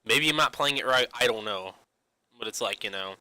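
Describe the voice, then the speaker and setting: A young gaming vlogger with a fairly low, sharp, smooth voice rants casually about games at a moderate pace, filling nearly every phrase with "you know." He restarts often and swears now and then in this rambling talk, captured as a dry, poor-quality recording.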